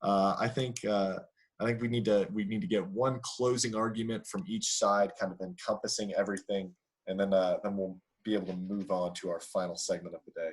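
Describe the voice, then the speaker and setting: A man's voice: fairly low pitch, fairly even intonation, a little fast, husky. A young man hosting a casual podcast, talking with many fillers and restarts. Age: young adult. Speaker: podcast host.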